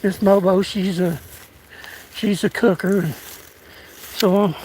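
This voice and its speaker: A man's voice: high-pitched, steady tone, slow pace, darkish tone, a little hiss or hum, low-quality recording. A man, chatting in a folksy, rambling way while out of breath. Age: 60s. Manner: rambling, folksy, self-deprecating. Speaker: vlogger. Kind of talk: casual outdoor livestream chat. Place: outdoors in rural woods. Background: outdoor ambience and a passing train.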